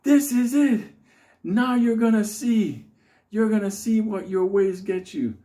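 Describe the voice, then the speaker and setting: A man voicing an intense, unhinged man who speaks in slow, solemn threats. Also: very high voice, lively intonation, warm tone, pitched above the performer's own voice, exaggerated voice. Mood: menacing.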